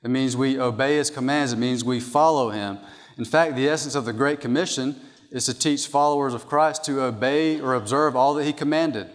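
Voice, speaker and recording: A man's voice: mid-range voice, moderate pace. A man preaching a sermon from an outline, emphatic and repeating his key points. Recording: long hall reverb.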